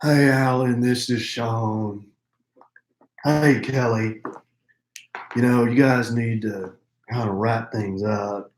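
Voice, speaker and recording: A man putting on the voice of a gruff Texan boss with a raspy, slow drawl. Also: medium pitch, steady tone, slight background noise, close to an everyday voice. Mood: bossy. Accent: Texan, put on. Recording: roomy echo.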